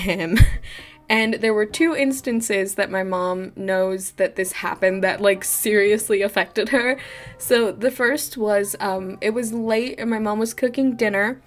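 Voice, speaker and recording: A woman vlogger telling childhood stories in a casual, animated way, laughing often. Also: mid-range voice. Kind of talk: casual storytime chat.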